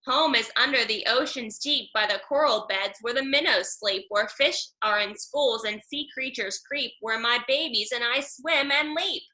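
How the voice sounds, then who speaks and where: A woman voicing a mighty mother blue whale, speaking kindly and calmly in sing-song rhyme. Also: on the high side, normal speed, few pauses. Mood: gentle. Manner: kind, calm, sing-song rhyming. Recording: echoey room.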